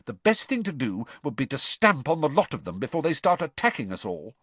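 A man's voice: on the high side, wildly swooping pitch, brisk, a bit bright, breathy edge, no echo, pitched above the performer's own voice, exaggerated voice. A man voicing a clever, impatient schoolgirl who speaks snappily and with exasperation. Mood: exasperated.

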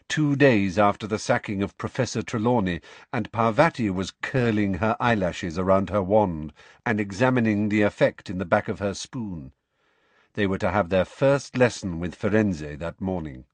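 A man narrating an audiobook in an expressive, varied storytelling manner. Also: fairly low pitch, moderate pace, no room sound. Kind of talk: scripted narration.

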